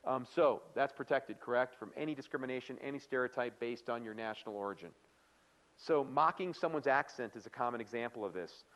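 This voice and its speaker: A man's voice: medium pitch, a little fast, fairly bright tone, poor audio. Man lecturing a training class. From United States. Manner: conversational, quizzes the audience with questions; playful, acts out quoted remarks. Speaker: workplace harassment trainer.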